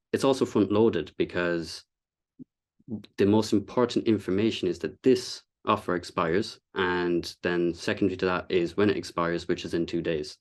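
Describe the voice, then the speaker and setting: Man, low voice, casual meetup speaker, explanatory, loose with fillers. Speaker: content designer giving a talk. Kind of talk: presentation to a meetup audience.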